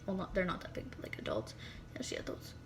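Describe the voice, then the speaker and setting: A teenage girl telling a storytime vlog in casual chat, full of "like" and dramatic whispered asides. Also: fast talker. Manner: chatty, heavy use of "like", dramatic asides and whispered comments. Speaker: vlogger. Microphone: phone.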